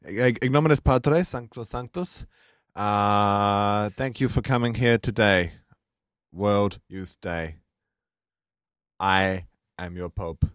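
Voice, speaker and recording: A man from New Zealand playing a pompous, flustered elderly pope in an improvised radio comedy skit, halting and stammering as he goes. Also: fairly low pitch, fairly bright tone, clean tone, dry recording, clean studio sound.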